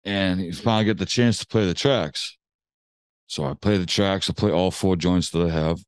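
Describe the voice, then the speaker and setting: A man with a low voice tells a story in loose, slangy chat, swearing freely and acting out what people said. The sound is dry and close, with no room echo. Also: normal speed, smooth. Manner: animated storyteller, slangy and profane, acts out quotes. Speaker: guest telling a story.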